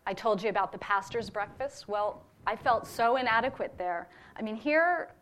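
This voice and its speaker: A woman's voice: mid-range voice, normal speed, a bit bright. A woman giving a personal testimony to her church about a ministry trip, speaking earnestly and from the heart, with fillers.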